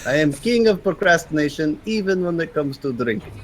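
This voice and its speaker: A man voicing a vodka-loving Russian comrade in a put-on Russian accent, with clipped, broken English and deadpan joke delivery during live-stream banter. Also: a little high, fairly quick, pitched above the performer's own voice. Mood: joking.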